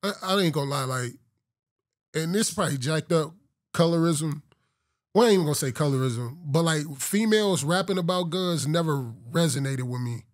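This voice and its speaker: Dry-voiced laid-back host. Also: male voice, a little high, normal speed, no room sound. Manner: relaxed, conversational, playful asides. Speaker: interview host. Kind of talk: casual interview.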